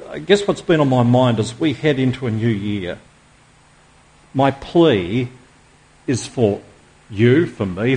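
A man's voice: mid-range voice, darkish tone. Emphatic middle-aged male pastor preaching. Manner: emphatic, with slowed dramatic stresses and rhetorical questions. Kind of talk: sermon.

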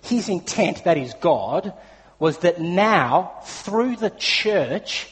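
A man's voice: sits high, expressive, extremely slow. An Australian man preaching a sermon, telling a personal story in a chatty way with frequent fillers. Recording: long hall reverb.

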